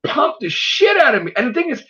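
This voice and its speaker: A man hosting his online show, talking in a loud, profane, animated rant in casual chat. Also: very high-pitched, fast. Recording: dull lo-fi sound.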